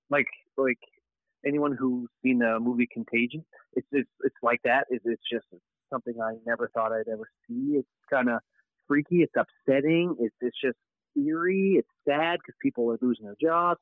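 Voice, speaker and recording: A man from Nova Scotia in Canada, a podcast guest, talking in halting casual chat with many fillers over a call. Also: mid-range voice, dry recording. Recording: tinny phone-line call audio.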